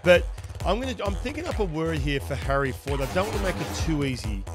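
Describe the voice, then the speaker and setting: A man's voice: fairly high pitch, big pitch swings, fast, over music. A man with an Australian accent hosting a podcast interview, talking animatedly with a lot of restarts and fillers. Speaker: podcast host. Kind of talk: casual interview chat.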